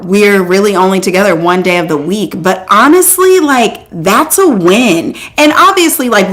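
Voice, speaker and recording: A woman in her forties chats on a casual live stream and answers her viewers one comment at a time. Her delivery is loose and rambling, with lots of "like" and "um". Her pitch jumps up whenever something excites her. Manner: animated, voice jumps up when excited. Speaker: host.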